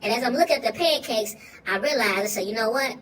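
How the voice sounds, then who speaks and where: A woman's voice: on the high side, lively intonation, fast, a bit bright, far from the mic, slight background noise. A woman playing a goofy, food-loving young boy, rambling through a comic monologue with slang and sudden squealing outbursts.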